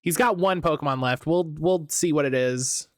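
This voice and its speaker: A man streaming a game live and reacting excitably, with frequent swearing, as he plays. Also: a little high, normal speed, no room sound, clean studio sound.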